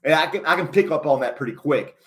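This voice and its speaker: A man hosting a casual livestream chat, rambling in a folksy way and chuckling often, a little choked up and clearing his throat. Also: on the high side, quick pace, fairly bright tone. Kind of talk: casual chat reading a live chat.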